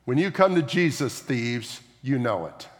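With a medium-pitched, sing-song voice that runs a little slow, a man preaches as a pastor, walking through scripture in a conversational style. He often drops in asides and questions for the audience, and the recording carries long hall reverb.

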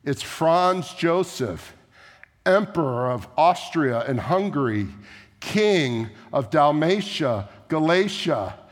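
A man voicing a solemn male master of ceremonies who proclaims slowly and formally, in an echoey church hall. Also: a little high, lively intonation. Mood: proclaiming.

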